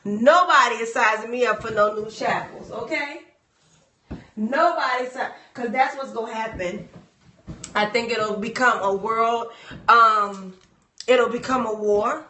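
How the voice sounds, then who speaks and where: A woman's voice: fairly high pitch, a little slow, echoey room, a little hiss or hum. A woman talking casually on a live stream, rambling and addressing her viewers. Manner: dramatic mock wailing, shouting and fake crying; loose, rambling, talks to viewers.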